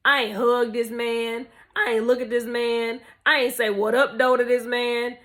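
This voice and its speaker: A young woman telling a story to camera in a casual, animated, profane way, full of slang. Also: on the high side, a little slow. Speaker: vlogger.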